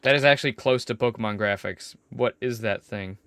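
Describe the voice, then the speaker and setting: A game streamer giving casual joking commentary in a goofy, animated manner. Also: medium pitch, fairly quick, clear, resonant tone.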